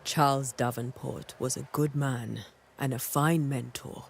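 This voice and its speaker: An actor voicing a stern, resolute ghost hunter who speaks in a grave, measured way. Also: male voice, mid-range voice, fairly even intonation, gravelly, slight background noise. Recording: game audio with music.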